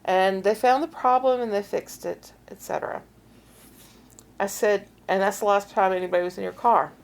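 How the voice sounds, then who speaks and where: A middle-aged woman co-hosting a podcast, casually telling a story and acting out quoted voices with big swings in pitch. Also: moderate pace. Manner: animated, acts out quotes with big pitch jumps. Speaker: podcast co-host.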